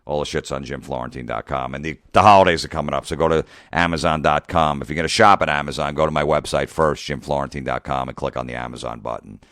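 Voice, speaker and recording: A middle-aged comedian rants in a profane, exasperated monologue, replaying old arguments in quick back-and-forth. His voice sits extremely low. The sound is dry and close, with no room around it. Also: fairly even intonation, fairly bright tone, dry recording. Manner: profane, exasperated, re-enacts conversations. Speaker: comedian podcast host. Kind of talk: ranting monologue.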